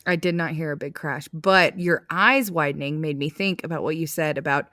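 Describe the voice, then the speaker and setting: A woman's voice: low voice, moderate pace, bright, forceful tone, no echo, studio quality. A woman in her thirties co-hosting a podcast, chatting casually and teasing with frequent laughter. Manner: giggly, teasing. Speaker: podcast co-host. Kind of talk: casual chat.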